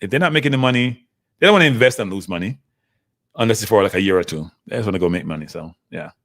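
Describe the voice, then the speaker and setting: Man, lowish voice, livestream host, animated, chats with viewers. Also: fast. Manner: animated, talks straight to the live chat, answers viewer comments. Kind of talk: casual livestream commentary.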